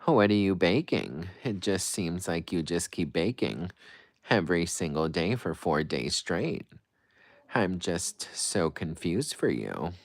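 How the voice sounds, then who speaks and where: Low voiced guy on a livestream, super animated and playful, dry sound. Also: slow pace, no echo. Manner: playful and dramatic, swings between breezy and gushing. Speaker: livestream host. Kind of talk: casual livestream chat reading comments.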